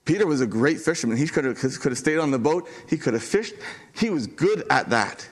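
Earnest higher-voiced male pastor preaching. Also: lively intonation. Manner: earnest, emphatic repetition with dramatic pauses. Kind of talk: sermon.

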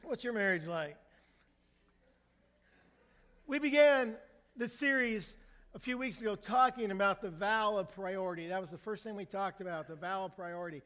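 An older male pastor preaching a sermon in a relaxed, storytelling way, with humor, asking the congregation questions. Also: sits high, in a large hall. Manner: conversational storytelling with humor, asks the crowd for a show of hands. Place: church sanctuary.

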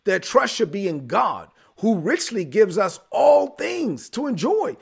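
A man's voice: high-pitched, sing-song, a little slow, creaky, breathy edge. A male pastor preaching a sermon, emphatic and repetitive, building phrases to a punch.

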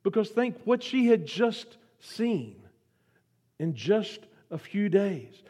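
A man delivering a sermon as a guest pastor, swinging from loud pleas to hushed whispers and asking the congregation to repeat lines. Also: high-pitched, sing-song, slow. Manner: asks the audience to repeat lines.

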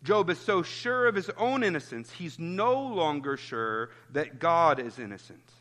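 A man's voice: on the high side, big pitch swings, measured pace, fairly bright tone, big-room sound. A pastor giving an earnest expository sermon, citing chapter and verse as he goes.

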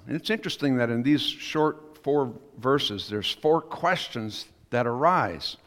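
A man's voice: mid-range voice, lively intonation, a little slow, hardly any pauses, fairly bright tone. A man preaching a sermon as pastor, telling a story in a conversational, musing way. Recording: long reverb of a church hall.

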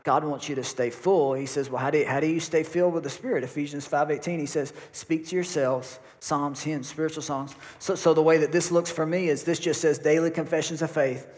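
A male pastor delivers an emphatic sermon, repeating phrases for weight. His voice sits a little on the high side. The sound carries a long reverb from a church sanctuary. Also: fairly even intonation, a little fast, few pauses, darkish tone. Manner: emphatic preaching with repetition.

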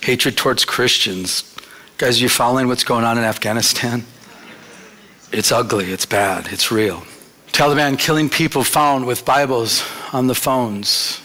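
A man's voice: mid-range voice, a little slow, pushed and bright, a little hiss or hum. A man preaching a sermon in an earnest, conversational way, telling stories from his own life and repeating his phrases. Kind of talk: sermon with personal storytelling.

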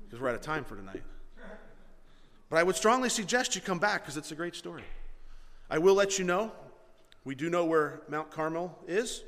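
A pastor delivering an animated sermon in a church, his fairly high voice rising loud and dropping low as he plays out the story. The sound carries a long reverb from the big room. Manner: animated, acts out Bible dialogue, swings from loud to hushed.

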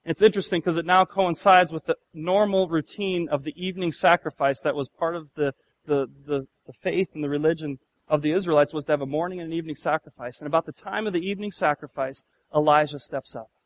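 Guy preaching, highish voice, tells the story all animated and jokey. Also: fast talker. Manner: lively storytelling, acts out biblical voices with humor. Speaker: pastor. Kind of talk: sermon.

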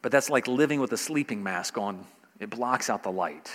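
A man's voice: lowish voice, animated, moderate pace, in a large hall. A man preaching a sermon, pressing each point with rising emphasis and repeated phrases. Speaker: pastor.

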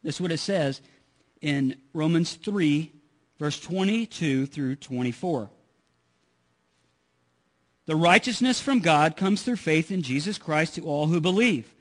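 A man's voice: a little high, animated, slow, pauses often. A middle-aged man preaching a sermon in a conversational way, often repeating words as he restarts. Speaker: pastor.

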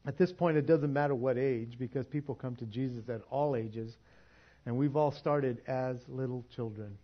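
A man's voice: mid-range voice, normal speed, highs cut off. A man preaching a sermon in a church, casual and conversational, often restarting words and laughing. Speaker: pastor.

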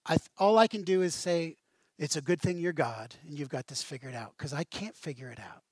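A man preaching a sermon as pastor, with a conversational, animated style and casual asides. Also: on the high side, a little fast, no room sound.

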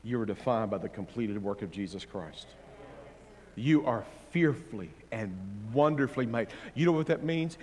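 A male pastor preaching a sermon, swinging between loud, fervent declarations and quiet, gentle counsel, with playful asides to the congregation. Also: medium pitch, expressive, moderate pace, big-room sound.

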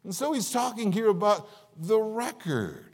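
A man preaching a sermon as pastor, folksy and jokey, with big swings between quiet asides and louder, higher bursts. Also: sing-song, measured pace, husky. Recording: long reverb of a large hall.

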